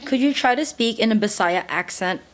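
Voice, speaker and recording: A woman co-hosting a casual podcast chat, asking curious questions in a calm, low-key manner. Her voice is at a middle pitch. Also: brisk. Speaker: podcast co-host.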